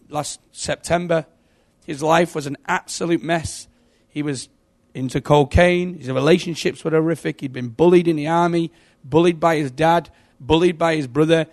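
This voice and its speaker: A middle-aged man giving an emotional sermon testimony, telling stories and swinging from hushed to loud. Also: fairly high pitch. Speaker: preacher.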